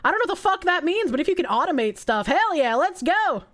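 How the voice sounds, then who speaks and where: A young woman with a Boston accent, streaming and chatting casually with her live chat, her voice a little rough from being sick, swearing and often breaking into high squeals. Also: fast talker. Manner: animated, swearing, frequent laughter, jumps to high squeals.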